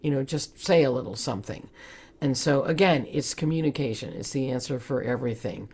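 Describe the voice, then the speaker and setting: A woman presents in a webinar, speaking earnestly and conversationally and laughing often. Her voice is extremely low, a little mellow and slightly rough, and she talks fairly quickly.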